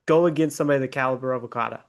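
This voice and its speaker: A man's voice: medium pitch, racing, vocal fry. A man hosting a wrestling podcast, asking questions in an easygoing way with many ums. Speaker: podcast host. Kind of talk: interview hosting.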